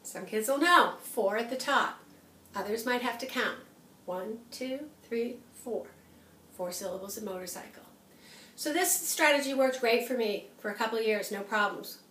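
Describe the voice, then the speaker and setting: A woman teacher explaining a classroom method in a clear, patient way, speaking at times as if to young children. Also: on the high side, lively intonation, normal speed, pushed and bright, slight background noise. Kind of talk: teaching demonstration to the camera. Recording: echoey room from a distance.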